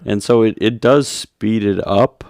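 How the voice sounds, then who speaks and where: A man co-hosting a podcast has a very deep, gravelly voice. He chats casually and answers his partner with quick murmurs of agreement. The sound is dry and close. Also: a little mellow, dry recording. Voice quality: chatty, backchannels often. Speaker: podcast co-host. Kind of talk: casual chat.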